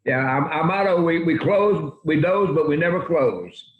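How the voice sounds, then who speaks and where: A man's voice: on the high side, lively intonation, moderate pace, heavy background noise. A man in his eighties telling folksy, rambling anecdotes as a country music guest in an interview. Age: 80s. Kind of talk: interview storytelling. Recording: roomy, dull lo-fi sound.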